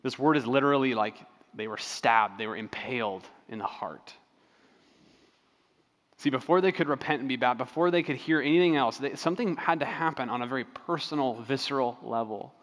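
In a large hall, a pastor delivers a sermon conversationally and at a fairly quick pace, telling stories with frequent fillers and restarts. His voice is at medium pitch.

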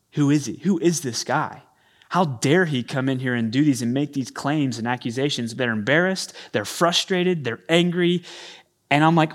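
A man preaching a sermon from a church stage into a microphone, acting out the voices he quotes. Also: medium pitch. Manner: animated, acts out quoted voices. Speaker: pastor. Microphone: handheld or stage microphone.

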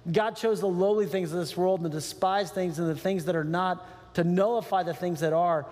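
A male pastor preaching a sermon in an animated way, laughing often and acting out quoted voices. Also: high voice, moderate pace. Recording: long hall reverb.

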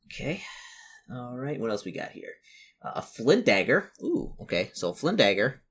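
Husky-voiced man playing a gamebook. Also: mid-range voice, big pitch swings, moderate pace, a bit bright. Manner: chatty, musing, self-correcting. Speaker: solo gamebook player and narrator. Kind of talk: casual playthrough, reading a gamebook aloud.

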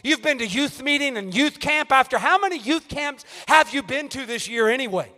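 A man preaching at a youth meeting, swinging from shouted appeals down to hushed, near-whispered lines. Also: very high-pitched, expressive, normal speed. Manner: rises to shouted calls, then drops to near-whispers. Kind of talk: fiery sermon. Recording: reverberant church hall.

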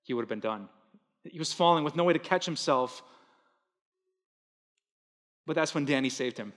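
A man pastor preaching a sermon in earnest, swinging between loud emphatic bursts and hushed soft lines. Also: a little high, a little fast, pauses often, big-room sound.

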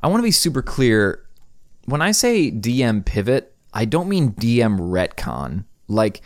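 A man's voice: medium pitch, huge pitch swings, a little slow, dry recording, studio quality. A young man hosting a solo podcast from a room in his house, talking casually with lots of fillers. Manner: casual, rambling, many fillers. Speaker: podcast host. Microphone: studio microphone.

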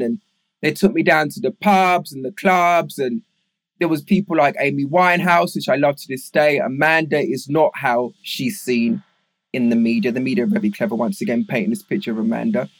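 A man's voice: on the high side, no room sound. A middle-aged man with a London accent, telling long rambling stories about his life in a casual interview, full of fillers. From England. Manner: rambling, animated storyteller with many fillers. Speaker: guest.

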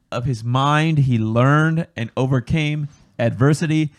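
A young man co-hosting a casual podcast chat, joking and swearing, getting excitable. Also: mid-range voice, a little slow, hardly any pauses. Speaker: podcast co-host.

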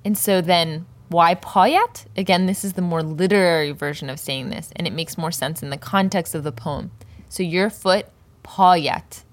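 A woman teaching a language lesson, explaining a poem's words slowly and carefully and repeating each term for learners. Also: lowish voice. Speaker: Persian language and poetry teacher.

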